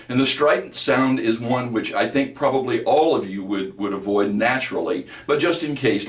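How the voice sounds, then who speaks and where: A man with a bass voice speaks at an ordinary middle pitch, lecturing as a voice trainer in a steady, explanatory way. He stops now and then on small fillers. The sound is roomy and echoing, picked up from some distance off the mic. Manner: measured, explanatory, with occasional filler hesitations. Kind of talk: instructional lecture.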